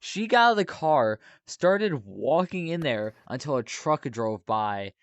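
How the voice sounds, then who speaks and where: A man's voice: a little high, big pitch swings, unhurried, dry recording, lo-fi sound. Guy just chatting on a podcast, easygoing storyteller, dead dry audio. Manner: laid-back storytelling with frequent fillers. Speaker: podcast host. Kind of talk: casual chat, telling anecdotes.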